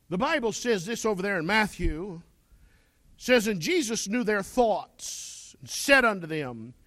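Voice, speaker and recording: A man's voice: high voice, pushed and bright, no room sound. A man preaching a sermon, reading scripture aloud and then pressing his listeners with pointed questions. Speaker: pastor.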